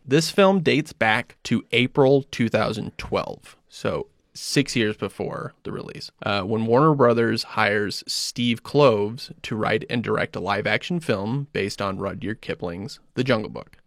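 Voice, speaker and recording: A man hosting a casual podcast, explaining film history in a steady run with small restarts. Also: lowish voice, unhurried, vocal fry, few pauses, dry recording, studio quality.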